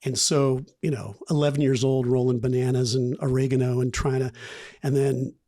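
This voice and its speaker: A man's voice: medium pitch, moderate pace. A man in his fifties, a podcast guest, telling candid, rambling stories about his past and acting out the voices of the people in them. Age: 50s. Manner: rambling, animated retelling with acted quotes. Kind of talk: candid storytelling interview.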